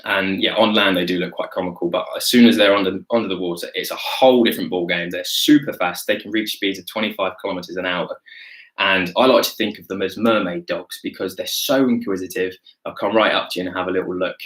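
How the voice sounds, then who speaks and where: Enthusiastic man with a lowish voice. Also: steady tone, quick pace, a bit bright, low-quality recording. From Britain. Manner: chatty, enthusiastic, answers viewer questions as he goes. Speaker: zoologist giving an online wildlife lesson. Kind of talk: live online lesson.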